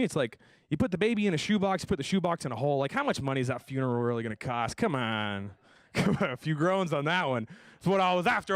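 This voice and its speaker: A young man hosting a stand-up comedy show, telling deadpan self-deprecating jokes and slipping into voices for the people he quotes. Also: on the high side, no room sound, clean studio sound. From Tucson, Arizona area. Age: young adult. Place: comedy stage before a live audience.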